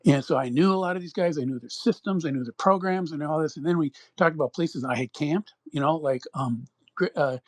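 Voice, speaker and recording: A man's voice: a little high, brisk, dry recording. A middle-aged man from Minnesota, co-hosting a podcast and telling a long, rambling personal story. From Minnesota, USA. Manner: rambling, acts out quoted voices. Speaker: podcast co-host. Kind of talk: casual anecdotal storytelling.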